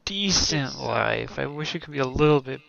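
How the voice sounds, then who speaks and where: A man's voice: mid-range voice, animated, normal speed, creaky, fairly bright tone, highs cut off. A man chatting casually over a voice call, amused and giggling often. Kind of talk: casual online group chat.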